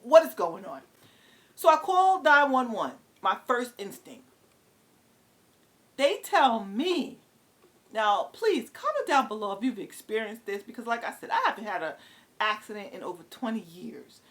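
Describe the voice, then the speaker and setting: A middle-aged woman, rambling through a story in a casual vlog. Her voice sits a little high and swings up and down in a lively, exasperated way, with many fillers and restarts. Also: moderate pace. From New York City. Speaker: vlogger.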